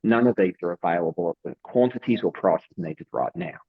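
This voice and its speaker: A deep, husky Australian man delivers prepared remarks as a webinar panelist in a measured, steady way. His voice comes through dull, lo-fi online call audio. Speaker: panelist, industry economist.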